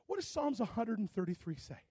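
A man preaching a fervent sermon, rising to shouted exhortations and calling for responses from the congregation. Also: high-pitched, husky, dry recording.

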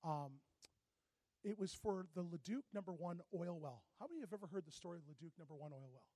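A man preaching a fervent sermon, rising to shouted exhortations and calling for responses from the congregation. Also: high voice, animated, brisk, dry recording.

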